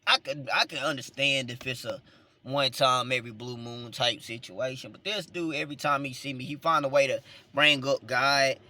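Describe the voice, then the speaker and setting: A man's voice: mid-range voice, moderate pace, sharp tone, a little hiss or hum. A man with a Southern accent, talking casually from inside a car, rambling and repeating words as he tells a story. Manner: rambling, repeats words, chuckles between points. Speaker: vlogger and minister.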